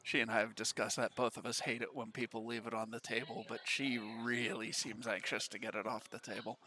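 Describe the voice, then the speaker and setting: A man's voice: medium pitch, level tone, fairly quick, bright, forceful tone. A man doing casual live commentary on a pool match, matter-of-fact and informative.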